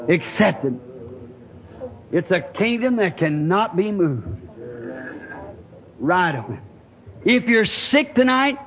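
A man preaching a revival sermon, telling a folksy story in plain rural speech and building to shouting climaxes. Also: high voice. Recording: dull lo-fi archival tape with faint hiss.

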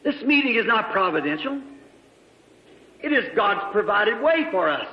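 A man preaching a revival sermon, fervent, swinging between loud shouts and hushed lows. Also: big pitch swings, moderate pace. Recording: echoey hall, lo-fi old tape.

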